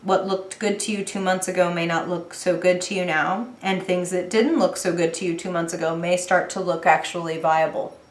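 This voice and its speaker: A woman's voice: on the low side, steady tone, normal speed, few pauses. A young woman giving a casual tarot reading straight to her viewers, chatty, with fillers and small laughs. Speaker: tarot reader. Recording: echoey room.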